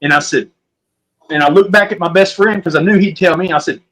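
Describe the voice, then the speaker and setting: A man's voice: high voice, fairly quick, fairly bright tone, rough recording. A man with an Oklahoman accent, telling a story as a podcast guest in a rambling, folksy way. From Southwest Oklahoma. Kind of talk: casual storytelling.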